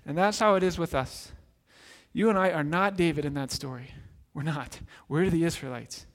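A man preaching a sermon as pastor, earnest and emphatic, dropping softer on key phrases. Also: a little high, normal speed. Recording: long reverb in a large hall.

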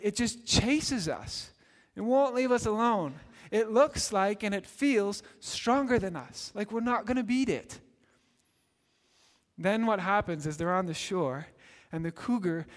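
A man preaching a sermon, telling a story earnestly and building to excited peaks. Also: sits high. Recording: long hall reverb.

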